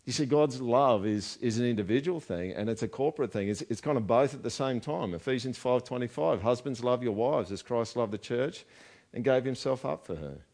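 A man's voice: medium pitch, lively intonation, a little fast, a little mellow. A man preaching a sermon in a conversational way, often asking the congregation rhetorical questions. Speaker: pastor.

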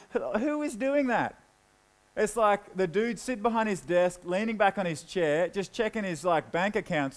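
A man's voice: expressive, normal speed, poor audio. Casual man preaching a sermon. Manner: casual, conversational with frequent "like"; drops low and quiet when reading scripture. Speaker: pastor.

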